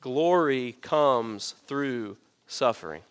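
A man's voice: medium pitch, expressive, very slow, clean tone. A male pastor preaching a sermon, earnest and emphatic, repeating phrases to press his points.

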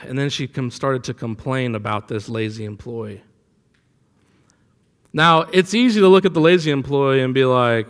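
A man's voice: mid-range voice, lively intonation, normal speed, clear, resonant tone, big-room sound. A man preaching a sermon in a conversational way, telling a personal story and rising for emphasis. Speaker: pastor.

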